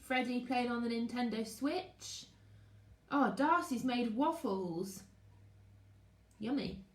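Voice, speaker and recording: A woman's voice: on the high side, takes it slowly. Lady teacher streaming from home, chatty, says hi to kids, roomy echo. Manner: lively, greets pupils, reads out comments. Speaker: primary school teacher. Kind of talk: live-streamed class chat and read-aloud. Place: at home, living room. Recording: echoey room.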